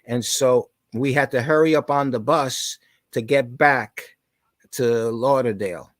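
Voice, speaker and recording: A man in his sixties, a podcast guest, telling stories in conversation and shouting out the lines of the people in them. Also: medium pitch, unhurried, no room sound. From New York. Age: 60s. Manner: animated, shouts out quoted lines. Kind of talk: storytelling in conversation.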